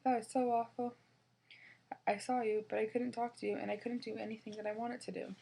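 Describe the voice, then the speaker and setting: A woman's voice: a little high, flat delivery, fairly quick, vocal fry, dark tone, a little hiss or hum. A woman reading as an upset young boy. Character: young boy, relieved brother.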